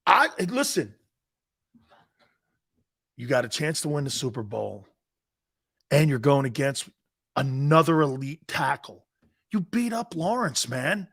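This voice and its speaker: A man's voice: on the high side, big pitch swings, a little slow, gravelly, long pauses, a bit bright, husky. A middle-aged man, a former player turned sports talk host, giving blunt, emphatic opinions and calling the listener "dude".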